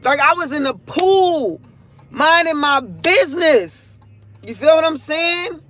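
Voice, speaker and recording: High-voiced woman, candid and profane. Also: animated, slow, bright, forceful tone, no room sound. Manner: profane, rambling, emotionally open. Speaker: livestream host. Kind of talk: casual candid monologue.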